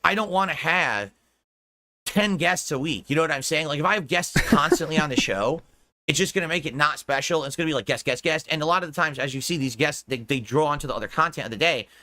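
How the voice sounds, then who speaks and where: A man's voice: on the high side, fast talker, bright, forceful tone, no echo. An American man streaming to his viewers in rambling casual chat, laughing often and swearing casually. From United States. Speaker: streamer talking to his audience.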